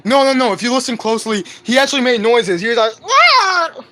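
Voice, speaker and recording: A man's voice: very high-pitched, quick pace, a bit bright. A young man live streaming from home on his phone, chatting to his cat in slangy, profane speech. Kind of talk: casual live stream chat.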